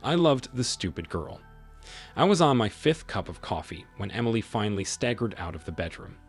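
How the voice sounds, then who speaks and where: Low-voiced man narrating a story. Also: lively intonation, normal speed, breathy edge, faint music behind. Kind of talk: first-person story narration.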